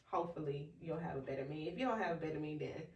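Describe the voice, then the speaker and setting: A woman's voice: deep voice, very fast, darkish tone, muffled recording, slight background noise. A woman co-hosting a podcast in casual, emphatic, slangy chat. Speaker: podcast co-host. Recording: roomy, distant from mic.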